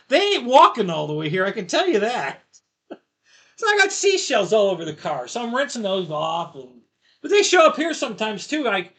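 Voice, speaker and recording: A man's voice: high-pitched, a bit bright. A middle-aged man hosting a live stream, rambling through a casual story and laughing at his own jokes. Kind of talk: casual chat.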